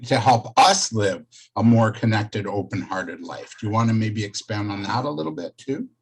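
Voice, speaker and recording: A man with a slightly husky, breathy voice talks in a casual interview. He affirms what his partner says and adds to it. Then he passes the next question back to him. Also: on the low side, normal speed. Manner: affirming, builds on the other speaker and hands questions back. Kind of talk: conversational interview.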